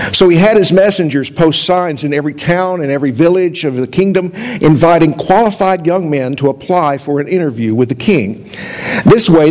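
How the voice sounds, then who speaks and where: A male pastor giving a sermon in a measured, storytelling way. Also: on the high side.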